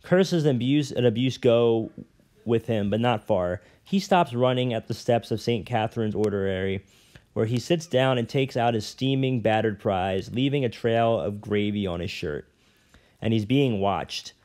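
A man reading a novel aloud in a plain, mid-pitched voice. He reads at an unhurried pace and now and then trips over a word and corrects himself. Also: darkish tone. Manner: unhurried reading with occasional stumbles and self-corrections. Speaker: reader.

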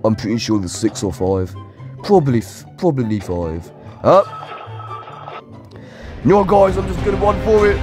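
A man's voice: mid-range voice, big pitch swings, moderate pace, long pauses, music in the background. A man giving let's play commentary on a horror game, jumpy, shrieking at scares and taunting the enemies. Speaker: gaming YouTuber.

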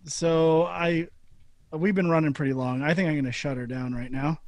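A man's voice: a little high, fairly even intonation, normal speed. A man hosting a podcast, talking in a chatty, joking and blunt way. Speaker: podcast host. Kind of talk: casual chat.

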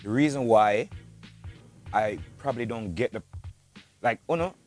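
A man's voice: medium pitch, a little mellow. A Jamaican man, a music artist, chatting casually in an interview with many restarts and fillers. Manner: fast, loose talk with many restarts.

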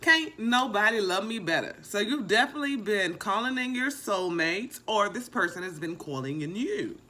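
A woman's voice: medium pitch, lively intonation, normal speed, bright, forceful tone. A young woman giving a casual tarot reading, emphatic and swearing freely, often repeating herself. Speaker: tarot reader.

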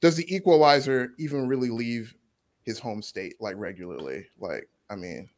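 A man's voice: mid-range voice, moderate pace, darkish tone. A man making a rambling, emphatic case in a casual podcast debate.

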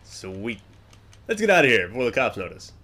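A man's voice: mid-range voice, big pitch swings, normal speed. Cursing young man grumbling over gameplay. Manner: swears a lot, grumbling then yelling at other players. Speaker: gameplay commentator. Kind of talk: casual gameplay commentary.

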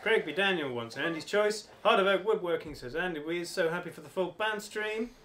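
A man's voice: high voice, a little fast, pushed and bright. A man with a British accent, a band member reading donation messages aloud with wry asides. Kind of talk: reading out messages on a live stream.

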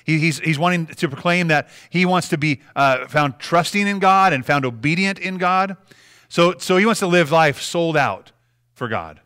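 A pastor in his thirties delivers a sermon in a church, talking to the congregation in a loose, conversational way. His voice sits a little high and sounds bright and clear. He often restarts his phrases and tosses in "right?" to check in with the room. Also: animated, normal speed. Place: church sanctuary.

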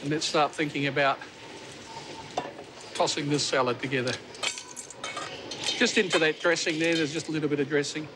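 A man's voice: on the high side, fairly even intonation, normal speed, long pauses, noisy background. Chatty TV cooking host, man. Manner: chatty, jokey, talks to the crew while cooking. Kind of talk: casual cooking demonstration. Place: television studio kitchen.

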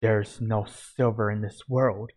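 A man voicing a gloating, murderous ancient male werewolf in a storybook reading, speaking slowly and menacingly. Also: lowish voice, level tone, darkish tone.

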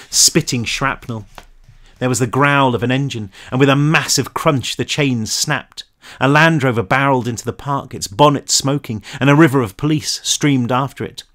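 A man reads his own action novel aloud, leaning into the tension of each scene. His voice sits at an ordinary male pitch, and his delivery is expressive and storytelling-driven. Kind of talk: dramatic audiobook narration.

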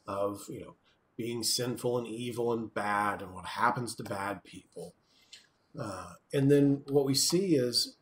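A man giving a recorded university lecture in a conversational way, often asking "right?" and acting out quoted voices. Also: medium pitch. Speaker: professor.

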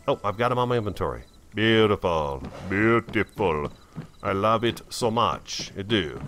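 A man's voice: low voice, a bit bright, a little hiss or hum. A man giving casual, chatty commentary while playing a game, talking to himself and easily startled. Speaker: gameplay video host.

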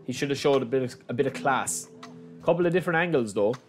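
A young man giving chatty, excitable gameplay commentary, calling his viewers lads. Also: medium pitch, fast talker, soft background music. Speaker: gaming YouTuber.

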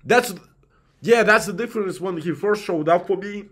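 Earnest high-voiced man rambling about faith. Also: moderate pace, a bit bright, husky. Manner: earnest, rambling preaching with many restarts. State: tearful at times. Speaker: host. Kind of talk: casual monologue.

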